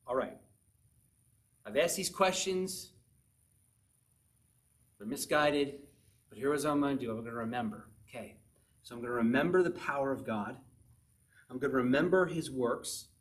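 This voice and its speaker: Male preacher, fairly high voice, chatty sermon delivery that questions the congregation. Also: brisk. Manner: conversational, asks the listeners questions.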